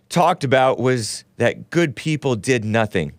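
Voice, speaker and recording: A man's voice: lowish voice, lively intonation, normal speed, few pauses, no echo, studio quality. A man hosting a casual call-in talk show, rambling and sarcastic, reading news aloud with his own running commentary and stumbling over names.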